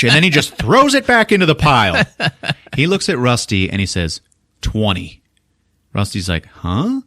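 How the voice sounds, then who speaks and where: A man with a low voice that swings widely in pitch, telling a movie's story with lots of energy. He acts out the characters' lines, laughs often and swears freely. The recording is dry and close. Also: a bit bright, dry recording. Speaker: podcast host. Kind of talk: casual movie recap.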